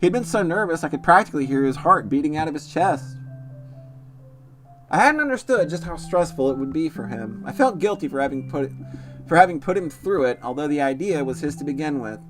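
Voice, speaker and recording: A man reading a visual novel aloud, voicing a gentle, anxious lover who narrates their own thoughts softly. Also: fairly high pitch, very animated, brisk. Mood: reflective. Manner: soft, reflective first-person narration. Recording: music playing behind the voice.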